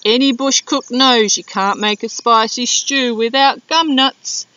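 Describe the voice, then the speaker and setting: A woman voicing a sleepy male koala with a high yawning drawl. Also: fairly even intonation, unhurried, bright, forceful tone, dry recording. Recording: dull lo-fi video sound.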